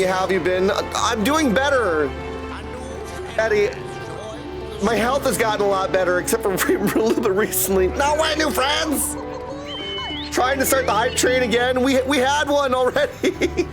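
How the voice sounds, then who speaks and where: Upbeat male streamer, casual chat, high-pitched, over game music. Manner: upbeat, greets viewers by name.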